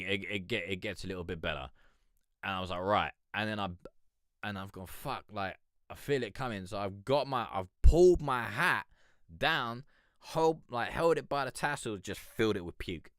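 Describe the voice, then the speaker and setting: A man's voice: on the low side, moderate pace, fairly bright tone, no room sound, studio quality. A young man hosting a casual live stream, telling a rambling story full of swearing and fillers. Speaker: livestream host.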